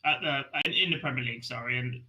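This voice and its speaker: A man with a very bright, sharp-edged voice, co-hosting a darts stream. He teases his co-hosts with dry jokes. His banter stays loose and casual. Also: medium pitch, quick pace, poor audio. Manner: teasing, joking banter. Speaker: co-host of a live online darts stream. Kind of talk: casual live stream chat.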